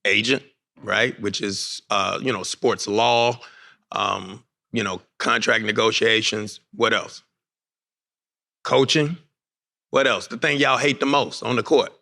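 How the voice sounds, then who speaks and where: Energetic man quizzing young players. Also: on the low side, takes it slowly, vocal fry. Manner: energetic, questioning, coaxing. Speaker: panel moderator.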